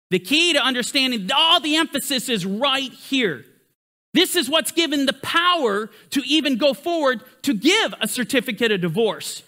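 A man teaching a Bible study sermon in an emphatic manner, his pitch swinging up and down to stress his points. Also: pushed and bright.

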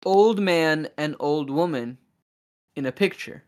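Podcast host, casual film recap, animated delivery with quick character voicing. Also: medium pitch, clear, resonant tone.

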